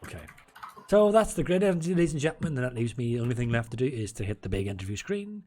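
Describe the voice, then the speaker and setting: A man's voice: medium pitch, fast, mellow, slight background noise. Chatty tipsy man commentating a sim race. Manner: chatty, rambling, restarts and jokes. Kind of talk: casual live sim-racing commentary. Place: home room.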